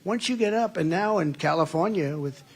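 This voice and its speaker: Gravelly rambling man at a rally. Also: high-pitched, animated, normal speed. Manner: rambling, repetitive, digressive; emphatic, sarcastic asides. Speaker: political candidate. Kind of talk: campaign rally speech.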